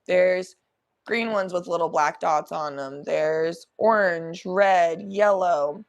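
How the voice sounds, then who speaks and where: A young adult woman hosting a podcast, telling a story in an animated, profane, laughing way. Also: on the low side, slow pace. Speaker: podcast host. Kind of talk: casual storytelling.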